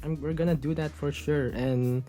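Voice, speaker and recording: Laid-back young man, halting speech. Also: a little high, steady tone, dark tone, soft background music. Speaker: podcast co-host. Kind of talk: casual chat.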